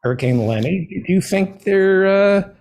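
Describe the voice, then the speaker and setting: A man's voice: sits high, expressive, measured pace, a little mellow. A man hosting a comedic talk show, chatty and playful, repeating and spelling out his plugs.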